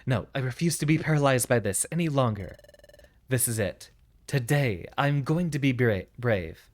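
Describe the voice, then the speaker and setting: A man's voice: mid-range voice, lively intonation, normal speed, natural voice. A man voicing a timid, nervous young creature hero. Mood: anxious. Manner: nervous, hesitant, self-doubting. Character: timid young male creature hero, cowardly but hopeful.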